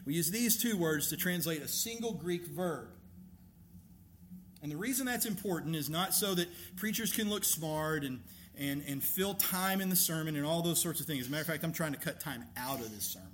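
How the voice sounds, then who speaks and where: A man preaching a sermon as a pastor, emphatic and animated, asking rhetorical questions. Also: fairly high pitch, a little fast, slight background noise.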